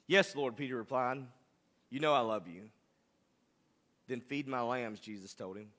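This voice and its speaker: A man's voice: medium pitch, unhurried, pauses often, bright, forceful tone. A man preaching a sermon, rising to impassioned, emphatic delivery. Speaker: pastor.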